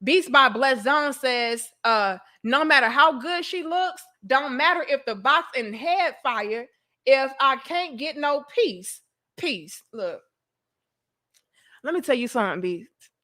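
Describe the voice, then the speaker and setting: A woman's voice: sits high, takes it slowly. A young woman hosting a talk show, telling a candid, profane story to her viewers. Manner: animated, profane, talks to herself. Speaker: podcast host.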